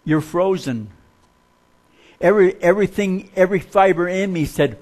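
A man preaching in a folksy storytelling way, with a fairly high voice for a man. He mixes light humor into the sermon and drops to a hush when a story turns tense. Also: unhurried, long pauses. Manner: drops to a hushed voice for suspenseful stories.

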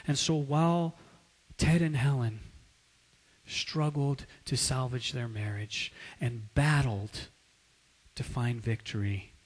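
A male preacher telling a story in a sermon, dramatic, swinging between loud and hushed. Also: mid-range voice, takes it slowly. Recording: long hall reverb.

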